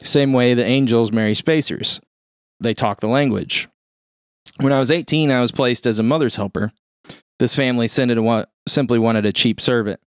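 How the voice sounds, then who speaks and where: A man reading a first-person story aloud in a steady, plain-spoken way. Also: mid-range voice, moderate pace, no echo, clean studio sound. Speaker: reader.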